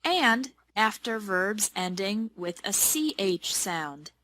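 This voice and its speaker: Slow, deliberate woman teaching pronunciation. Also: mid-range voice, sing-song, bright, forceful tone, no room sound. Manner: slow, deliberate model words. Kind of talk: pronunciation lesson.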